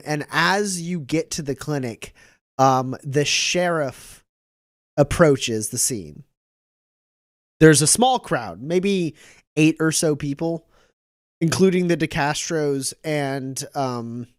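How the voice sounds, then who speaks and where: Game master guy narrating, lots of ums, a bit high, dry sound. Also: very slow, pauses often, clear, resonant tone, no echo. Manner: relaxed, full of fillers.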